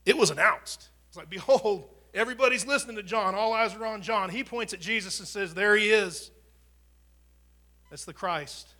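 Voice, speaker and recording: A pastor preaching a conversational sermon, swinging from loud proclamation down to near whispers, often repeating and restarting words. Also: male voice, high-pitched, moderate pace. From United States.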